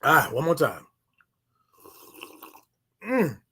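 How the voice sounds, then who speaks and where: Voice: medium pitch, very animated, very slow, a bit bright, slightly rough. An emphatic motivational host talks straight to a livestream audience, with a mid-range voice that rises and falls with lots of life. The delivery is preachy and repetitive, and the host greets viewers by name between points. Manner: emphatic and preachy, repeats key phrases. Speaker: livestream morning show host.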